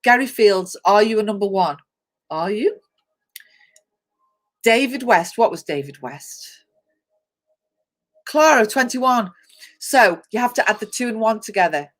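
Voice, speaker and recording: A woman's voice: mid-range voice, expressive, unhurried, pauses often, fairly bright tone. A woman hosting a live online chat show, reading out traits and talking to viewers by name with frequent laughter. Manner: chatty, reads lists aloud, talks to viewers by name; laughs often, explains step by step. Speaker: host.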